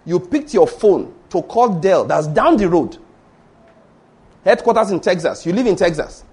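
A middle-aged Nigerian pastor with a Yoruba accent, preaching in an animated storytelling way and acting out conversations. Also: male voice, high voice, moderate pace, slightly rough. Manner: animated storytelling, acts out dialogue, rhetorical questions. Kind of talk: sermon.

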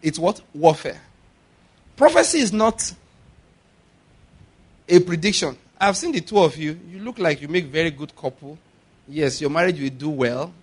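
A man preaching a sermon, laughing often and building to shouted declarations. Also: on the high side, animated, normal speed, pauses often, slightly rough.

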